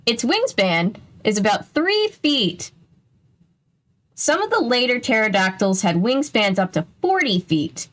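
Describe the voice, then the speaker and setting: A woman reading the part of a patient male museum professor, measured and explanatory. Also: fairly high pitch, big pitch swings, fairly bright tone. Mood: explaining.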